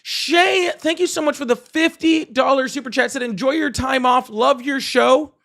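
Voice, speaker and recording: A man hosting a live political call-in stream, excitable and chatty, laughing often and thanking viewers at length. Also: very high-pitched, moderate pace, gravelly. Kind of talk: casual live-stream chat.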